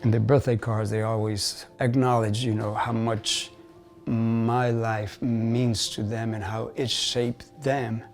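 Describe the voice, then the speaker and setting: A man recounts his life in a documentary interview, blunt and profane, slipping Spanish words into his talk. His voice is gravelly and sits at an everyday pitch. Soft music plays faintly underneath. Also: little pitch movement, takes it slowly. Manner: candid, profane, drops Spanish phrases. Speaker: interviewee, bass player.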